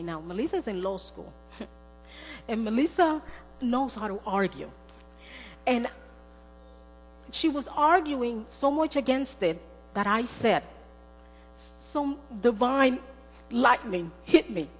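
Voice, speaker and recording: A woman's voice: fairly high pitch, animated, slow, pauses often. A middle-aged woman preaching a sermon, earnest and storytelling, acting out the voices in her stories. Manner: earnest, storytelling with acted quotes. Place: church sanctuary. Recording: long church hall reverb with mains hum and faint music.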